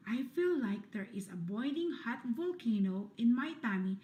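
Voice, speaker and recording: A woman reading children's picture books aloud in a slow, sing-song storytelling manner. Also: a little high, lively intonation, warm tone. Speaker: storybook reader.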